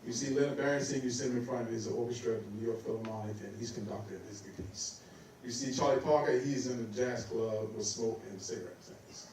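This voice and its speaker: Animated man telling stories in an echoey hall. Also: medium pitch, brisk, slight background noise. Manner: animated, laughing, acts out quoted voices. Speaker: guest saxophonist. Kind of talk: casual storytelling on stage. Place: recital hall on stage. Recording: echoey recital hall, mic from a distance.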